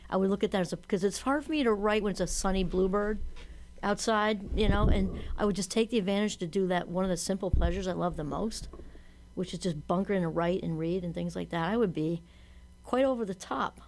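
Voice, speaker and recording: A woman co-hosting a casual podcast conversation, chatty and enthusiastic, quick to agree and to laugh. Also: medium pitch, a little mellow, slight background noise. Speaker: podcast co-host.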